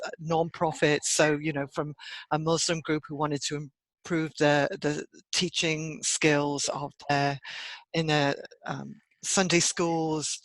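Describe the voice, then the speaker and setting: A middle-aged woman, a trainer and consultant, answering interview questions in an articulate, measured way and laughing easily. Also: low voice, fairly bright tone, dry recording, rough recording.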